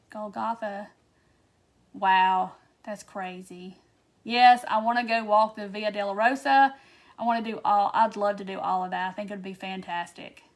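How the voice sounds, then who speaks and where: A woman's voice: medium pitch, steady tone, normal speed. A chatty woman hosts a casual craft tutorial livestream and answers viewer comments as she goes.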